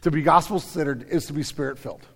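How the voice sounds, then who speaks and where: A man's voice: on the high side, fast, a bit bright, big-room sound. A man preaching a sermon as pastor, talking in a colloquial, emphatic way with slangy retellings.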